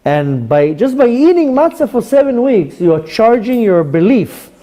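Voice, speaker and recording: A man's voice: very high voice, moderate pace. A man, a rabbi, teaching a Torah class to a live audience and acting out little dialogues as he goes. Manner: animated, acts out dialogues.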